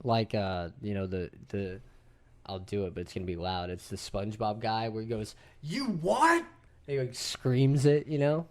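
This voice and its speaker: A man in his thirties hosting a podcast, telling a story to friends in an animated, casual way and swearing freely. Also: fairly low pitch, normal speed, clear, resonant tone. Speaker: podcast host. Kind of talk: casual group chat.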